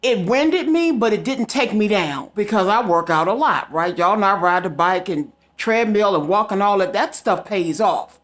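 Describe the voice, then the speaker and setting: A woman's voice: medium pitch, animated, normal speed, few pauses. A woman telling a story straight to her viewers in a casual vlog, emphatic and direct. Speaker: psychic vlogger.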